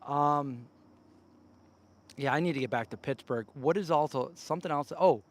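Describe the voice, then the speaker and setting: A man's voice: a little high, normal speed. A man hosting a casual livestream outdoors by a campfire, rambling loosely and breaking off to call his dogs, speaking close into a handheld news-style mic. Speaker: livestream host. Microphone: handheld news-style mic held close.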